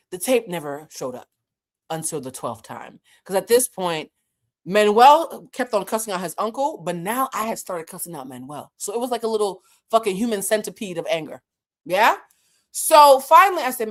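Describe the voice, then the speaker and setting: An emotional intelligence coach tells a story in her vlog, animated and exasperated, acting out the quotes. Her pitch is fairly low and her pace moderate.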